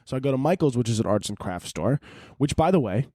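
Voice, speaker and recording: A man's voice: mid-range voice, lively intonation, fast, mellow, no echo, clean studio sound. A young man hosting a podcast, ranting in a rambling, profane, jokey way. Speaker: podcast host. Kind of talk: casual comedic podcast monologue.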